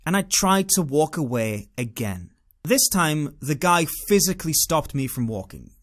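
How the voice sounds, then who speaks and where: A man with a British accent tells a personal story in a casual monologue, speaking with animated, sardonic delivery. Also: on the high side, normal speed. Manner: animated, sardonic, dramatic inner-voice asides. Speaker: vlogger.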